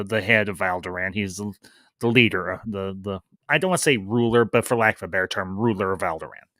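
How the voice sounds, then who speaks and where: A man's voice: on the low side, pushed and bright, no echo. A man hosting a live-stream review, chatting loosely with fillers and greeting viewers in the chat. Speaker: livestream host reviewing a series.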